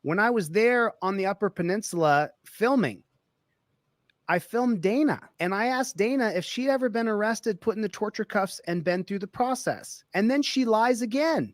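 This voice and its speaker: A man's voice: sits high, expressive, moderate pace, dry recording, studio quality. A man giving an indignant, ranting monologue about his own experience.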